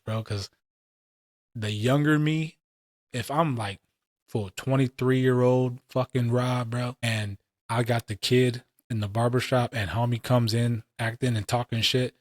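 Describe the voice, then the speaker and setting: A man's voice: medium pitch, dry recording, clean studio sound. A man in his late twenties or thirties, co-hosting a casual podcast and telling stories in heavy, profane street slang. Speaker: podcast co-host.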